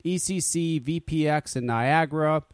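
A man's voice: a little high, moderate pace, no echo, clean studio sound. A man hosting a casual talk radio show, joking and swearing, often stammering and repeating words. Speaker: podcast host.

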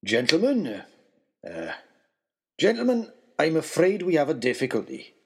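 A man voicing a gentle, hearty host with a stern edge, in a storybook reading. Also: on the high side, huge pitch swings, unhurried, breathy edge, pitched above the performer's own voice, exaggerated voice. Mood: kindly.

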